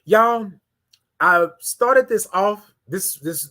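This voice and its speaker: A man's voice: high-pitched, animated, drawn-out words, sharp tone. A man hosting a morning live stream, talking in a heartfelt, preacher-like cadence, reading viewer comments aloud and checking in with "right?". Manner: emotional, preacher-like cadence with many "right?" asides. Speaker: host of a morning live show.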